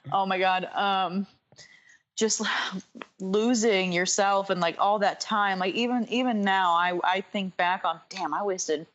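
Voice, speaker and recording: A woman's voice: medium pitch, fairly even intonation, fairly bright tone, muffled recording. A woman with a Southern accent from North Carolina chats on a podcast in a loose, rambling way. She stops and restarts often, threading her thoughts with fillers. Her voice sits in a middling register. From North Carolina, USA. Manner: rambling and halting, full of "like" and "um". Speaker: podcast guest. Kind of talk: casual podcast chat.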